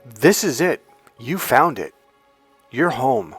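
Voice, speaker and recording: A man coaching other men on dating and pitching his course, emphatic and profane, with frequent restarts. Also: sing-song, takes it slowly, a bit bright, breathy edge, faint music behind. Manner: emphatic, profane, with lots of restarts and acted-out quotes.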